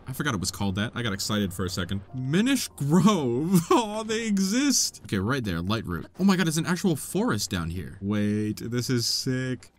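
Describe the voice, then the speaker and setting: A young man giving excitable let's play commentary, laughing often and talking back to the game characters. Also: mid-range voice, normal speed, few pauses, soft background music. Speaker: gaming video creator.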